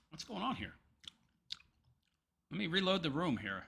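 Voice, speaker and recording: Bright-voiced rambling male streamer. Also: on the high side, sing-song, moderate pace, gravelly, pauses often, breathy edge. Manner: rambling, hesitant, many ums and restarts. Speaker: livestream commentary host. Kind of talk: casual livestream commentary.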